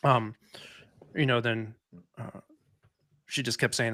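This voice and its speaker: A man co-hosting a podcast, speaking candidly and haltingly with frequent restarts as he reflects. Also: mid-range voice, sharp tone, dry recording, studio quality. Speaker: podcast co-host. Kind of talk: candid conversation.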